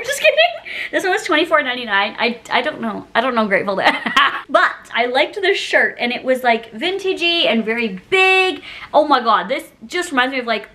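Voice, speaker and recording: Young female vlogger, high lively voice, giggly haul chatter. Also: normal speed. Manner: bubbly, chatty, giggly, self-mocking. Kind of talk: casual haul chat.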